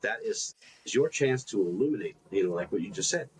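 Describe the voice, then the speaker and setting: A man co-hosting a podcast in casual reflective chat, animated and self-deprecating in his stories, often repeating his words. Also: lowish voice, a little fast, slight background noise, low-quality recording. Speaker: podcast co-host.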